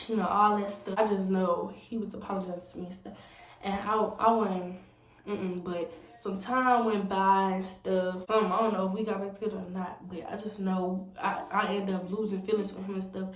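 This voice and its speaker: In a casual vlog, this young woman rambles through a story, leaning heavily on "like" and "you know." She talks at normal speed in a mid-range voice, and the room is echoey with a bit of background noise.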